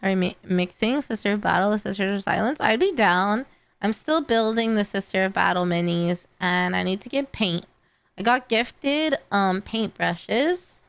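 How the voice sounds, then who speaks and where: A woman's voice: medium pitch, normal speed, creaky, clear, resonant tone, no echo. A young woman chatting casually on a live stream, tired and rambling, with many fillers and restarts. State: tired and yawning. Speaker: streamer reacting to videos and chat.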